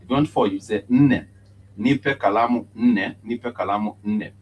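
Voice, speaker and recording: A man with a very low, deep voice teaches a live-streamed Swahili lesson. He talks in halting bits full of "uh", repeating each word slowly so learners can follow. A faint hiss of noise sits under the recording. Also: muffled recording.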